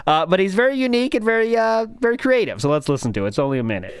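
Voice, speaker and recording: Higher-voiced joking podcast host man. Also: big pitch swings, rapid-fire, clean tone, dry recording, studio quality. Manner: rambling, joking, reads chat comments aloud. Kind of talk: casual podcast chat.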